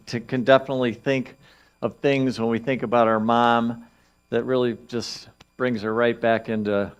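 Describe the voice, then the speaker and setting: A man speaking as minister, reading an inspirational piece to his congregation in a gentle, reflective, soft-spoken way. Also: mid-range voice, clean tone. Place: church sanctuary.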